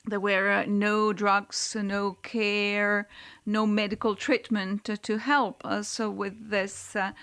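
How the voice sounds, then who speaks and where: A woman interpreting a speaker's words into English in the first person. She speaks haltingly, with many fillers and pauses. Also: medium pitch, flat delivery, a bit bright, clean tone. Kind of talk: simultaneous interpretation.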